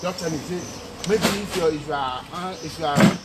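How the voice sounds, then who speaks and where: A pastor quizzes his listeners in a sermon, pushing each point with repeated questions. His voice sits a little high for a man. The recording is full of clear background noise. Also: normal speed. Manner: questioning, repetitive tag questions, Nigerian Pidgin. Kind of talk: sermon questioning children and congregants.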